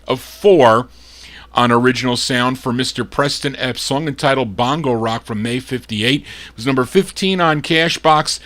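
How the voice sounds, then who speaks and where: A man hosting a live record show of old singles, talking in a gruff, fed-up way as he introduces each song in detail. His voice is bright and forceful, and his pitch sits in an ordinary middle range for a man. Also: normal speed. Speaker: radio show host and record DJ. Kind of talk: live oldies show patter.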